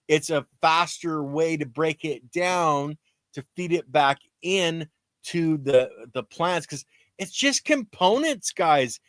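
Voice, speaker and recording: A man's voice: a little high, fairly bright tone, no echo, clean studio sound. A man co-hosting a gardening livestream, chatting casually and explaining things in plain everyday terms.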